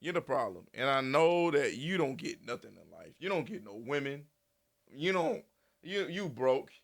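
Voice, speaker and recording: A man giving casual, animated commentary, repeating himself and swearing freely. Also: mid-range voice, moderate pace, vocal fry. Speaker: commentary channel host.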